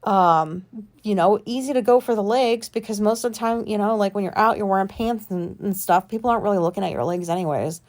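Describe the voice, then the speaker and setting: A woman's voice: medium pitch, a little fast, a little mellow. A woman vlogger telling a personal story in casual, rambling talk, swearing freely and filling gaps with filler words. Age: adult.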